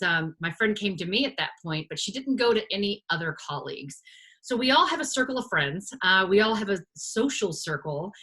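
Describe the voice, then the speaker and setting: A woman's voice: mid-range voice, sharp tone. A woman presenting a live online workshop on a video call, talking with many fillers and restarts.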